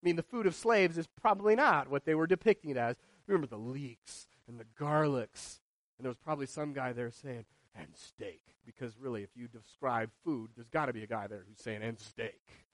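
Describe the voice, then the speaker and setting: A man preaching a sermon, moving between loud and hushed delivery and asking the congregation questions. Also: mid-range voice, a little fast, no room sound. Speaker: pastor.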